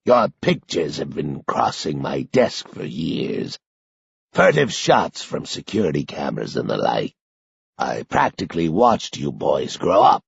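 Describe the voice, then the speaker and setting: A man voicing a frail, doddering old man who speaks in a slow, raspy, resigned way. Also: very animated, dry recording, lo-fi sound, heavily acted. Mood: weary. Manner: slow, weary, deep-voiced.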